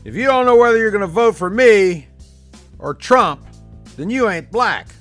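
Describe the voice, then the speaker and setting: Man doing a shrill, loud parody voice of an elderly male politician, sneering and taunting. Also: lively intonation, normal speed, faint music behind. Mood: mocking.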